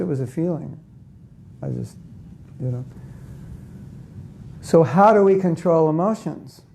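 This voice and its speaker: A man's voice: on the high side, creaky, mellow, a little hiss or hum. A man giving a conversational spiritual talk to a live audience, often asking them questions and acting out inner voices. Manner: acts out inner voices in quotes. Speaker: spiritual teacher.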